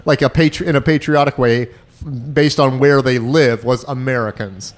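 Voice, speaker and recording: A man's voice: medium pitch, fairly even intonation, moderate pace. A man from Arizona, co-hosting a podcast, telling rambling, profane stories in casual chat. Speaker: podcast co-host.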